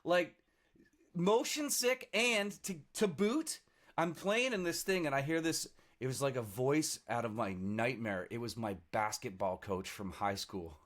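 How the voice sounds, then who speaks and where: A man in his forties from the Niagara region, a guest musician telling stories in a lively, self-mocking way on a casual podcast. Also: medium pitch, measured pace. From Niagara region, Canada. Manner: animated, self-mocking storyteller with laughs.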